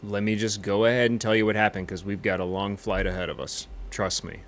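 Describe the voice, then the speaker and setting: Man, low voice, playing a brash pilot who rambles and brags in an improvised comedy bit. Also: level tone, a little fast, a little hiss or hum. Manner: rambling, cocky, boastful storytelling. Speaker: comedic pilot character in a flight game stream. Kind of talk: improvised in-character comedy monologue.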